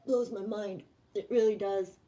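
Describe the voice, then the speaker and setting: A woman's voice: medium pitch, steady tone, measured pace, dark tone, muffled recording. A woman livestreaming casually to viewers, ranting bluntly and swearing freely, then reading oracle cards. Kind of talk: casual live chat with viewers.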